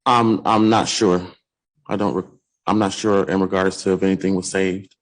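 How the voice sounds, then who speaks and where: Lowish voiced deputy on the stand, formal, kinda hesitant, lots of uh and um. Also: male voice, flat delivery, normal speed, rough recording. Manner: hesitant, formal, answers with "yes, sir". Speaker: sheriff's deputy testifying. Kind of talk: courtroom testimony.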